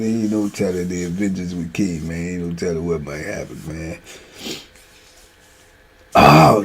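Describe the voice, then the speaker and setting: A middle-aged man hosts a streamed show, telling lively stories in a casual chat on a streaming mic. His voice is on the low side with a breathy edge, and he's animated, laughing often and tagging lines with "man" again and again.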